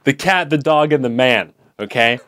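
Man, casual podcast co-host, deadpan rambling storyteller, dead-dry sound. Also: mid-range voice, normal speed, clean tone, no room sound. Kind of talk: casual chat, improvised storytelling. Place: in bed under the covers.

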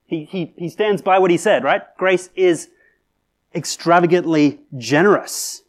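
A man's voice: high-pitched, a little slow. A man preaching a sermon in a conversational way, with fillers and restarts, building to emphatic peaks. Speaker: pastor.

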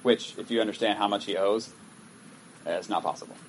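A man's voice: fairly low pitch, fairly even intonation, fairly quick, slight background noise, poor audio. A male pastor giving a sermon in a conversational way, reading scripture aloud and breaking off to comment on it. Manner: conversational, reads scripture aloud with acted asides.

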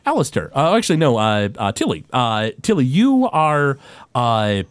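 Animated game master man, full of uh. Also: medium pitch, clean tone, dry recording. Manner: halting, many fillers, animated. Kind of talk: narrating a tabletop game.

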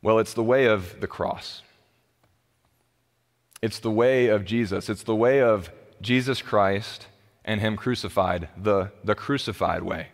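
A man in his thirties preaching a sermon as pastor, impassioned, rising to loud pleas and dropping to low, quiet emphasis. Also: unhurried. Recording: long hall reverb.

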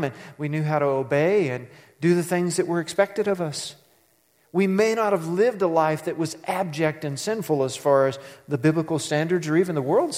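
A man's voice: a little high, a little mellow, in a large hall. A man delivering a sermon as a pastor, conversational and storytelling, with dramatic emphasis on key words.

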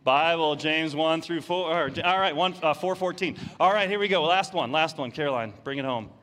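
A male pastor preaching to his congregation, playful and energetic as he runs a quiz with volunteers. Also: a little high, moderate pace. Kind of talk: sermon with audience game.

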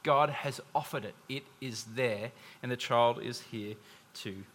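Bright-voiced male pastor in a reverberant hall. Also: medium pitch, unhurried. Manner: conversational preaching with asides to the congregation. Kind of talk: sermon. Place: church hall.

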